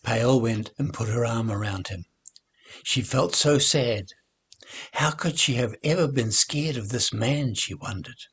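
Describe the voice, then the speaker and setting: An older man with a New Zealand accent, reading a children's story aloud in a measured way and softening almost to a whisper in sad parts. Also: fairly low pitch, husky. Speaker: storybook reader.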